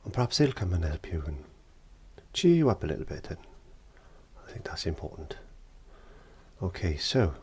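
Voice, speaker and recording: A man leads a painting tutorial in a deep, husky voice. He is gentle and encouraging, and now and then slips into soft whispered asides, speaking from an indoor studio. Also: very animated, fairly quick. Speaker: art teacher.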